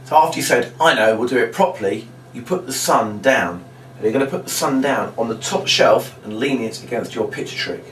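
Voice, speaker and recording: A man's voice: medium pitch, brisk, a bit bright. A man, a magician, teaching a trick step by step in a chatty instructional demonstration. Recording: roomy, distant mic, faint background noise.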